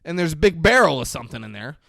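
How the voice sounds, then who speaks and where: Animated, swearing young podcast host. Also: male voice, a little high, very fast, vocal fry, no room sound, studio quality. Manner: animated storyteller, swears freely, mock outrage. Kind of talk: casual film review chat.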